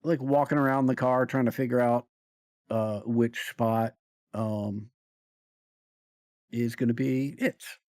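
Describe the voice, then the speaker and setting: A man narrating a tabletop role-playing game as game master, slow and hesitant with many pauses and fillers. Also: medium pitch, steady tone, darkish tone, no room sound, clean studio sound.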